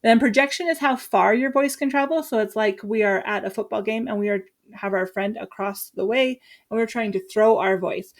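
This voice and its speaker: A woman from Utah, a teacher, chatting casually and lively as she walks through her lesson plan with quick asides. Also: medium pitch. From Utah, USA.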